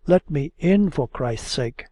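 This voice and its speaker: A man's voice: fairly high pitch, lively intonation, takes it slowly, mellow, no echo. A man voicing a timid yet capricious young woman in an audiobook, pleading and coaxing. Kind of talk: audiobook character reading.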